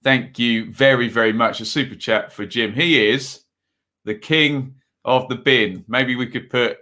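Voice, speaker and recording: A man's voice: mid-range voice, fairly even intonation, unhurried, pushed and bright. A man hosting a casual live football stream, chatting loosely with many fillers as he reads out viewer comments between match updates.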